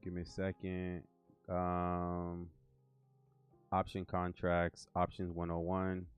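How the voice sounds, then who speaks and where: A man's voice: deep voice, completely flat delivery, slow, clean tone, dull audio, faint music behind. An American man hosting a livestream, talking casually in a loose, rambling way with slang and fillers. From United States. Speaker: livestream host.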